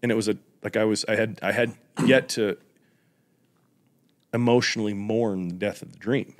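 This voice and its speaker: A man hosting a podcast, talking reflectively and casually, with slang, lively when joking. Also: lowish voice, normal speed. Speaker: podcast host. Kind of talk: casual conversation.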